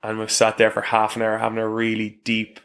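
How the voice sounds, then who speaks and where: A man's voice: on the low side, completely flat delivery, brisk, creaky, fairly bright tone. A man in his thirties, a rugby player being interviewed, telling frank stories with swearing and laughs. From Ireland. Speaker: professional rugby player, guest. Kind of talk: casual interview chat.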